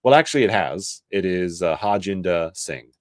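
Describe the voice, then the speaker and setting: A man's voice: sits low, expressive, normal speed, dry recording, clean studio sound. A man streaming casual reaction commentary, reading news aloud and adding sarcastic, rambling asides.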